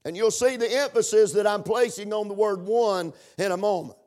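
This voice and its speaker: A man's voice: sits high, normal speed, a little mellow. A man preaching a sermon in a chanting, sing-song cadence, breaking in with amens.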